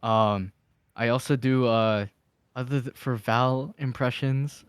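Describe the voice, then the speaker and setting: A man's voice: medium pitch, fairly even intonation, slow pace, smooth, dry recording, clean studio sound. A man talking as a podcast guest in casual chat, rambling with fillers and restarts and laughing often. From Philippines.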